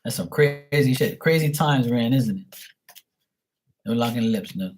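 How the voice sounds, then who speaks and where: A man's voice: mid-range voice, animated, normal speed, a little hiss or hum. A man in his forties chatting casually as a stream host, rambling through stories with plenty of swearing. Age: 40s. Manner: rambling, profane, storytelling. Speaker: stream host answering paid questions. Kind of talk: casual chat.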